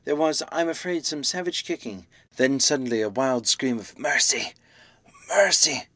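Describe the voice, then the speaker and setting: A man reading a classic novel aloud, with measured, dramatic storytelling. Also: mid-range voice, lively intonation, dry recording. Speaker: audiobook narrator. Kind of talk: scripted narration of a classic novel.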